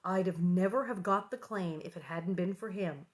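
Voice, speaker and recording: A woman reading the part of a folksy pioneer father telling his family a lively tale from a storybook. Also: sits high, normal speed, noisy background, natural voice. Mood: storytelling.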